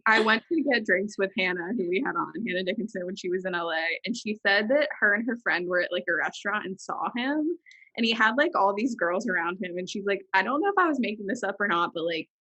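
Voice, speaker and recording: A woman with a bright, husky voice chats casually as a podcast host. She rambles, restarts her sentences and often lets her voice drop softer. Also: medium pitch, a little fast, low-quality recording. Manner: rambling, self-interrupting, drops softer. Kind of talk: casual chat.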